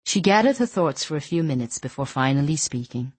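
A woman reads a novel aloud in a low, measured voice. Her storytelling is steady and even. The sound is close and dry. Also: husky, dry recording. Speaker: audiobook narrator. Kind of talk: scripted narration.

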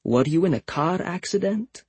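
A man's voice: sits high, lively intonation, moderate pace, a little mellow, slightly rough, no room sound, pitched above the performer's own voice. A man voicing a blunt female masseuse with a put-on Russian accent, as quoted by another woman in an audiobook story.

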